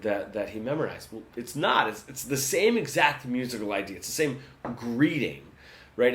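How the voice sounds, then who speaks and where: A man teaching guitar in a relaxed, conversational lesson, often checking in with "right?". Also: mid-range voice. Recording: roomy sound with guitar.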